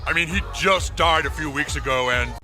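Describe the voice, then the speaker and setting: A woman's voice: low-pitched, moderate pace, sharp tone, soft background music, voice pushed down. A woman voicing Satan as a whiny, awkward male devil hosting a party, hesitant and fumbling for words. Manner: hesitant, awkward, mumbling "dude".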